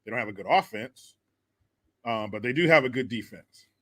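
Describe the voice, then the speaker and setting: A man's voice: mid-range voice, sing-song, moderate pace, fairly bright tone. A man hosting a profane comedy commentary show, laughing often, cursing and mocking the clips he reacts to.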